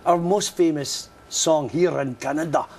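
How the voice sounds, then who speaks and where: A man's voice: on the high side, measured pace, slight background noise. An older Scottish man, a musician guest telling jokey stories in a chatty morning interview. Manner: jokey, lively storyteller.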